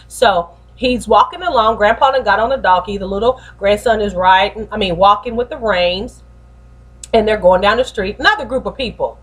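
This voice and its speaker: A woman hosting a short motivational talk as a pastor, lively, slangy and preacherly in her delivery. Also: medium pitch, normal speed. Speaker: host and pastor.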